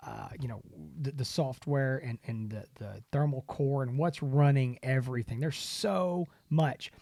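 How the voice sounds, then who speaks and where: A man's voice: mid-range voice, unhurried, warm tone, dry recording. A man co-hosting a podcast in casual chat, rambling with plenty of fillers and restarts. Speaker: podcast co-host.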